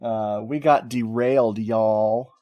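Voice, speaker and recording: A man hosting a podcast in casual chat, joking and relaxed. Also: lowish voice, takes it slowly, no room sound, dull audio. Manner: joking, laid-back, laughs often. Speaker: podcast host.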